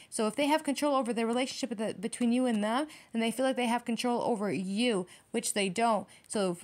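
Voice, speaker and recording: A woman reads tarot cards aloud to her viewers in a fast, blunt rush. Her voice sits a little high, and she swears freely and repeats herself as she talks straight to the audience. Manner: blunt and profane, heated; fast, repetitive, direct address to viewers. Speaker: tarot reader. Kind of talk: tarot reading monologue.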